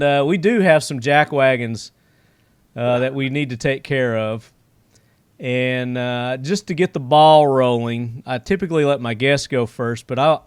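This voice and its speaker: A man's voice: mid-range voice, smooth, no room sound. A middle-aged man hosting a podcast, telling stories in a loose, rambling way full of fillers. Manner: rambling storyteller with many fillers. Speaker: podcast host. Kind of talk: casual podcast chat.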